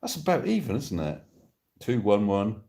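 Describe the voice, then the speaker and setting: A lower-pitched man from Devon talks into his phone during a live stream. He is chatty and playful, tossing jokey asides to viewers as he reads their comments. The recording has a casual, at-home feel from a sofa. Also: big pitch swings, moderate pace, vocal fry, mellow. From Devon, England. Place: indoors on a sofa.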